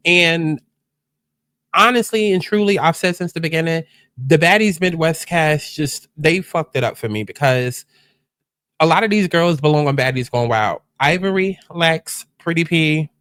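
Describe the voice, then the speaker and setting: Lively, chatty man on reaction commentary. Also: fairly high pitch, no echo, clean studio sound. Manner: chatty, exclamatory, talks to viewers. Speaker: host. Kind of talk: casual reality TV reaction commentary.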